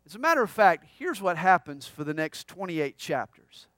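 A pastor preaching an expository sermon, emphatic and conversational with humorous asides. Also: male voice, high-pitched, big pitch swings, moderate pace, a bit bright, no echo, clean studio sound.

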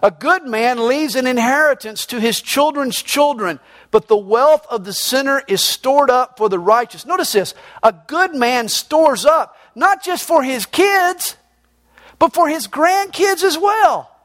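High-voiced preacher. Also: male voice, expressive, measured pace. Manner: emphatic preaching, swings between loud and low. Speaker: pastor. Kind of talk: sermon.

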